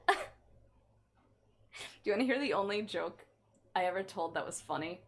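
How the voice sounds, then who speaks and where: A woman streaming and bantering with her viewers, her pitch swinging up and down in an animated, playful way. She teases and plays at being offended, in the easy tone of casual stream chatter. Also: moderate pace, long pauses. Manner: playful, teasing, mock-offended, often laughing. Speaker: livestreamer.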